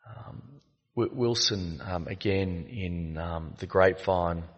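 A man with a low, deep voice tells his story at a recovery meeting, pausing often on fillers as he reflects. His words ring out with a long echo in a meeting hall. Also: dull audio. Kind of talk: personal share at a recovery meeting.

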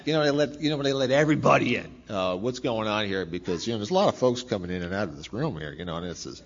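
A man's voice: fairly low pitch, lively intonation, quick pace. A middle-aged man giving a rambling personal testimony, repeating phrases and laughing as he talks. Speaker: speaker sharing recovery story. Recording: dull lo-fi recording with faint noise.

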